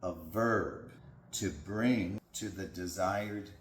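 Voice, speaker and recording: A man who works as a dog trainer, explaining training in a calm, patient way. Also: deep voice, extremely slow, a little hiss or hum. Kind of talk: instructional talk. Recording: echoey room.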